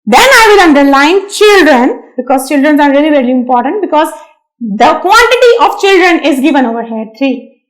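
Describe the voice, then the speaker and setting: A woman with a very high voice teaches young children a lesson. She goes slowly and stresses each key word, often saying it twice, and talks straight to her students. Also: big pitch swings, poor audio. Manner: slow, emphatic, repeats key words; addresses listeners as dear students.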